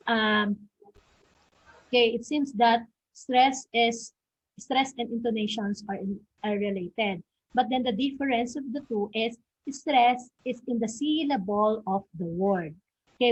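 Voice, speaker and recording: A woman teaches a recorded lesson, her voice husky and slightly breathy. She checks in with her students often, tagging points with "okay" and "no?". The audio is dull and lo-fi. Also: on the high side. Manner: frequent "okay" and "no?" tags, models example words and questions aloud.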